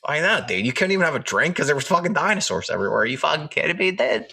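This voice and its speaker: A man riffs on a comedy podcast, swearing freely and spinning absurd rants. His voice is bright and edgy, and his pitch swings widely from line to line. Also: sing-song, racing, vocal fry, slightly rough. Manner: profane, rambling, jokey rants. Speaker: podcast co-host. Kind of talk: crude comedic podcast banter.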